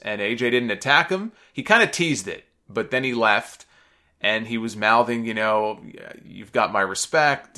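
A man's voice: mid-range voice, pushed and bright. A man hosting a podcast, giving a casual, opinionated recap in a chatty way with frequent fillers. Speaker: wrestling recap podcast host.

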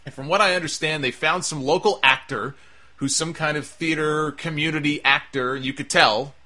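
Sarcastic man ranting with a bright voice. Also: on the high side, steady tone, normal speed. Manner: sarcastic and exasperated, swears freely. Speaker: wrestling show reviewer. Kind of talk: casual ranting review.

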